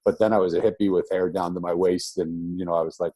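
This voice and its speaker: Older man, rabbi, storytelling, restarts often, very low pitch, husky. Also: little pitch movement, quick pace, warm tone, no echo. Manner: rambling, reflective, with many restarts. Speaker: guest, rabbi. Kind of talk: storytelling in an interview.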